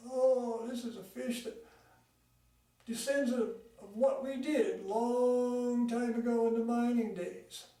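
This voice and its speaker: A man voicing a very old man in a nursing home who speaks slowly and drawls. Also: extremely high pitch, fairly even intonation, warm tone, voice pushed up, exaggerated voice. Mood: wistful. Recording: echoey room, mic far off.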